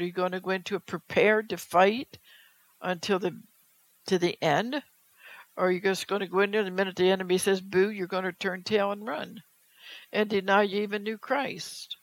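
Gravelly fervent preacher, dry sound. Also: mid-range voice, no echo, rough recording. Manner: fervent, exhorting, rhetorical questions; reads scripture aloud. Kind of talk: sermon.

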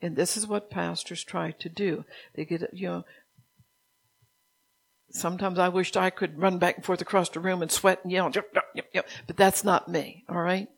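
Soft-spoken older woman preaching, gravelly. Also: lowish voice, fairly even intonation. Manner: soft-spoken, unhurried, self-correcting. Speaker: pastor. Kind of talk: sermon.

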